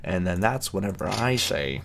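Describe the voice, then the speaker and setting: A man giving excitable let's play commentary as a gaming YouTuber, chatty and laughing often as he plays. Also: sits low, moderate pace, vocal fry, slight background noise.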